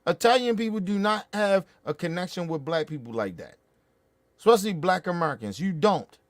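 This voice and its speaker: A man's voice: high-pitched, expressive, fairly quick, dry recording. A man hosting a show, ranting about politics in a heated, profane way with angry bursts. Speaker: show host.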